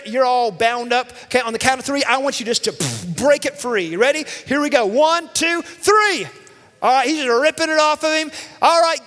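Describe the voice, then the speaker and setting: A man telling a Bible story to children in lively style, energetically calling for the audience to answer back. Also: very high voice. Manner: energetic, calls out for audience responses. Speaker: children's minister. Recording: long reverb from a large hall.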